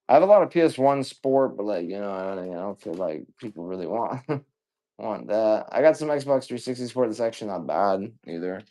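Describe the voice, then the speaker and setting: A man's voice: lowish voice, animated, dark tone. A man hosting a live stream that sells video games, chatting casually and cursing freely as he greets viewers one after another. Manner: loose and profane, greets viewers rapid-fire. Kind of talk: casual live-selling chat.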